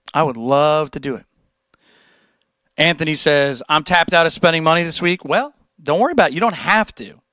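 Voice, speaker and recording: A man's voice: on the high side, bright, forceful tone, dry recording. A young man chatting casually on a livestream, rambling and laid-back, reading viewer messages and answering them. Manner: laid-back, rambling, says dude and like a lot. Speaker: streamer.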